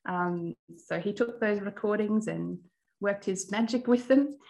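A woman's voice: medium pitch, measured pace, gravelly, a little mellow, rough recording. Cheerful chatty woman interview guest. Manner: cheerful, chatty, with frequent ums and laughs. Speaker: guest, primary music teacher and Braille educator. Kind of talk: casual interview.

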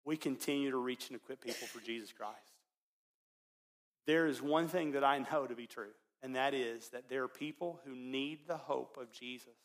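A man preaching as a pastor, telling a story in his sermon and swinging between loud, excited passages and hushed ones. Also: medium pitch, moderate pace.

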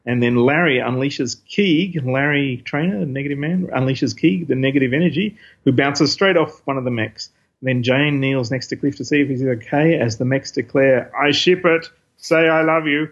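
A man's voice: medium pitch, moderate pace, breathy edge. A man hosting a podcast, casually recapping a comic issue in a rambling way, with many fillers and quotes read aloud. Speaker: podcast host reviewing comics. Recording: dull lo-fi recording.

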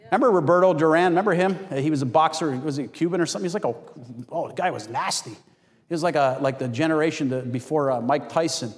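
A man preaching a sermon as pastor, telling stories with animated acted-out quotes. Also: a little high, fast talker. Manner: animated storytelling, acts out quotes. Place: church hall. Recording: long hall reverb.

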